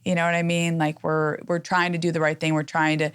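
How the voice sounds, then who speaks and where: A woman's voice: deep voice, level tone, fairly quick, clean tone, no echo, studio quality. A middle-aged woman, a company head talking as a guest, effusive and chatty with many restarts. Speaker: brokerage CEO guest. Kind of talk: casual interview chat.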